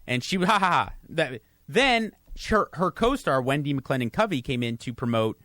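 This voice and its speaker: A middle-aged man chatting as a podcast guest, telling stories in a halting, self-deprecating way with many restarts. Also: medium pitch, sing-song, a bit bright, dry recording, studio quality. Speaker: guest, radio host. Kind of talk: casual podcast chat. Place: studio.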